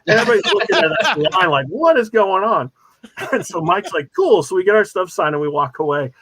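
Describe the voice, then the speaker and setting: A man as a guest on a show, telling rambling, animated stories full of ums and uhs. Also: high voice, quick pace, breathy edge, no room sound. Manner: rambling, many fillers, animated storytelling. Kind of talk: casual chat, anecdotes.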